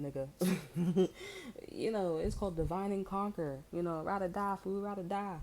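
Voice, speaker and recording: A woman's voice: mid-range voice, moderate pace, warm tone, a little hiss or hum, poor audio. A woman tarot reader in slangy, rambling casual chat, amused and full of fillers. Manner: amused, breaks into laughter.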